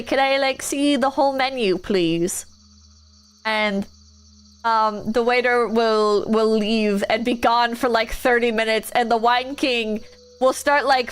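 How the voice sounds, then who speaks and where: A woman's voice: fairly high pitch, fairly bright tone. A woman streamer chatting casually while gaming, telling a rambling story full of "like" and restarts.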